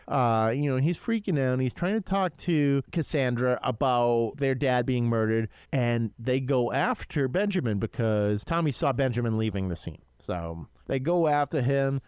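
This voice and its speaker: A young man co-hosting a podcast, casually reviewing a horror film with an excitable, profane manner. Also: medium pitch, clean tone, dry recording. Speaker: podcast co-host.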